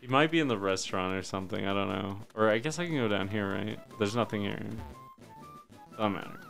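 A man streaming a game live, cursing and talking to himself, swinging between loud high yelps and low muttering. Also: expressive, a little fast, vocal fry, faint music behind. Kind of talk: live gameplay commentary.

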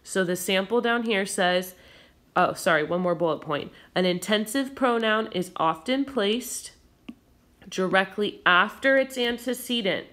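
A woman teacher explaining a recorded grammar lesson patiently and clearly, with occasional fillers. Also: mid-range voice, measured pace, fairly bright tone.

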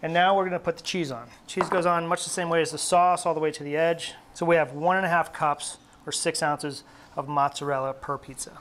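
A man working as a test cook, giving a steady, step-by-step cooking demonstration in a test kitchen studio. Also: on the high side, a little fast, slight background noise. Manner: steady, instructive, explaining each step.

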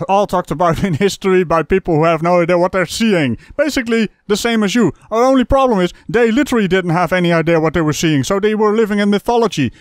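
A man's voice: high voice, no room sound, clean studio sound. A man hosting a reaction video, mocking the clip he plays with scornful, chuckling sarcasm. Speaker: commentary host reacting to a video.

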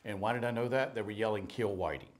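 A middle-aged man preaching a sermon, telling stories in an animated way, swinging between loud and hushed. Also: fairly low pitch, rapid-fire. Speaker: pastor. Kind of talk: storytelling sermon.

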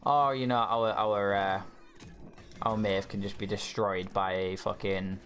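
A man's voice: fairly low pitch, little pitch movement, unhurried, a bit bright, slight background noise. A young man giving live gameplay commentary, swearing and ranting at his teammates in frustration. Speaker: gamer.

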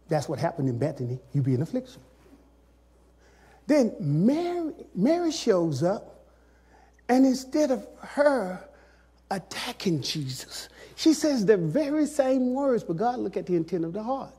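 A man preaching a sermon as pastor, talking straight to the congregation in a colloquial way, dropping to soft, drawn-out phrases and then rising to shouted climaxes. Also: high voice, big pitch swings, slightly rough. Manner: colloquial, addresses the congregation directly.

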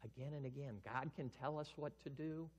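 Animated male pastor preaching in a reverberant hall. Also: medium pitch, moderate pace, muffled recording. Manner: animated preaching, acting out dialogue with swings between loud and hushed. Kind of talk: sermon. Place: church sanctuary.

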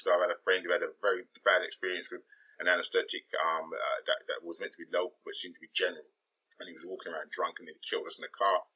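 A man's voice: deep voice, pushed and bright, breathy edge, low-quality recording. A man, middle-aged, talking bluntly in a casual podcast monologue and swearing for emphasis. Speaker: podcast host.

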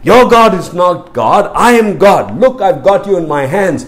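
A cruel male prison guard gloats in slow, loud taunts, as a preacher acts him out. His raised voice swings widely in pitch. He sounds sneering and sure of his power. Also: lively intonation. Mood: taunting.

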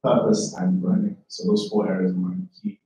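A man's voice: fairly low pitch, normal speed, dark tone, a little hiss or hum. A man moderating a live panel discussion, playful and joking with the panel. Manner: playful, joking asides with laughter. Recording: echoey hall, mic far off.

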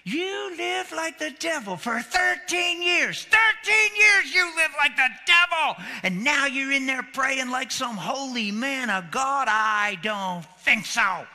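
A man acting out a bitter, furious woman who shouts scornfully at her husband. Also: very high-pitched, expressive, slow, hardly any pauses, voice pushed up, exaggerated voice. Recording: echoey hall.

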